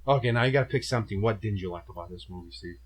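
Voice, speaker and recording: A young man co-hosting a casual movie review, relaxed and blunt in his opinions. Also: on the low side, racing, husky. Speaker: co-host of a movie review show.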